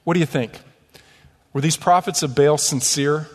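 A man preaching a sermon in a church, animated, with mocking asides and rhetorical questions. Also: on the high side, normal speed, in a large hall. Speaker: pastor. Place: church sanctuary.

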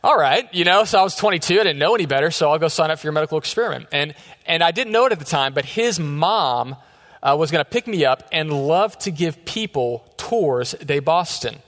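A man's voice: fairly high pitch, expressive, a little fast, a bit bright. A man in his thirties, a youth pastor preaching a sermon in a casual, joking storytelling way. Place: church sanctuary. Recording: echoey church hall.

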